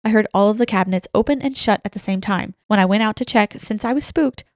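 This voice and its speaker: A woman's voice: mid-range voice, fast, no echo, studio quality. Woman co-host reading ghost stories dryly. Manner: giggly, reads stories aloud evenly. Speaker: podcast co-host. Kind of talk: casual chat, reading listener stories.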